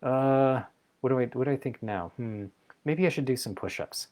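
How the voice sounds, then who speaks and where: A man's voice: mid-range voice, normal speed, a little mellow, pitched above the performer's own voice, close to an everyday voice. A man voicing an anxious inner roommate who rambles and second-guesses himself. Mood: fretful. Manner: anxious, rambling self-talk.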